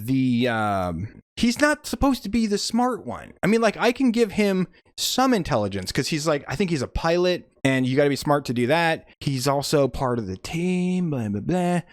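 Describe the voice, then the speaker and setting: A young man giving a profane, sarcastic comedic movie recap, slipping in quick mock voices for the characters. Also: a little high, big pitch swings, no room sound, clean studio sound. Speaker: movie reviewer.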